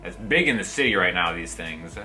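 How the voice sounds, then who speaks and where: A young man telling comic movie pitches in a chatty, animated way, acting out the characters he quotes. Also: a little fast, faint music behind. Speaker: comedian pitching movie ideas. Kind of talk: comedic improv pitch.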